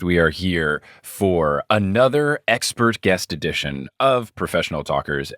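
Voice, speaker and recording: A playful man hosts a casual podcast chat, laughing easily between lines. His pitch swings widely from low mutters to high bursts, and the sound is close and dry with no room echo. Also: fairly bright tone. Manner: chatty, laughs often, playful. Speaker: podcast co-host.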